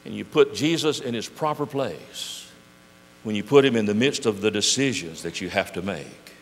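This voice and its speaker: A man's voice: lowish voice, moderate pace. An older man preaching a sermon, emphatic and full of rhetorical questions. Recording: echoey hall.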